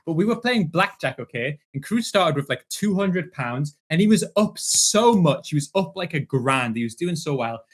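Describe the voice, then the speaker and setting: A man's voice: on the high side, sing-song, moderate pace, few pauses, husky. A man telling casual, sweary anecdotes on a podcast, often laughing. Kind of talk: casual chat.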